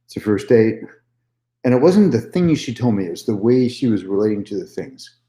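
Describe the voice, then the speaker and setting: Male vlogger, mellow tone, casual candid storytelling, roomy echo. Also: fairly low pitch, very animated, fairly quick. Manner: candid, swears freely, repeats himself.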